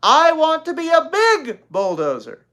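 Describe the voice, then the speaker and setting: A reader voicing a loud, stubborn little girl who shouts machine noises in a storybook reading. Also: high voice, huge pitch swings, a little slow, pitched above the performer's own voice, full character voice. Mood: insistent.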